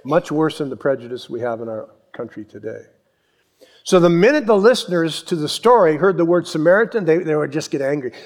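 Man, preacher, animated storytelling, slightly high voice. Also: a little fast. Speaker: pastor. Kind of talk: sermon.

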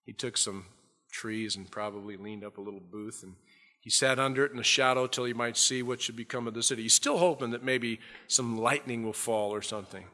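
A male preacher delivers a sermon in a bright, forceful voice. He tells the story with animated energy and breaks into acted-out scenes. A long hall reverb hangs on every phrase. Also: medium pitch, fairly quick.

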